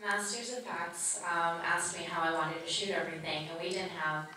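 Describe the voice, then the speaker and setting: A woman director answering audience questions at a film Q&A, telling stories in a lively, profane way. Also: on the low side, moderate pace, a little hiss or hum. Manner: profane, animated storytelling. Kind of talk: Q&A panel answers. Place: large cinema theater. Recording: echoey theater from far off.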